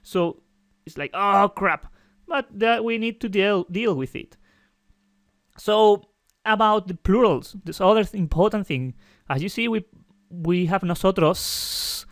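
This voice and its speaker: A man teaching a Spanish grammar lesson in halting, non-native English, patiently repeating his examples and correcting himself as he goes. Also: high-pitched, animated, no echo, clean studio sound.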